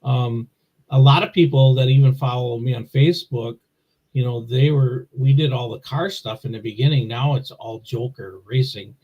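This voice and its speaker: Husky-voiced man from Wisconsin, muffled line. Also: mid-range voice, moderate pace. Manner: rambling, repeats himself, plainspoken. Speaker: guest, gasser drag racer. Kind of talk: casual podcast interview. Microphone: remote video call.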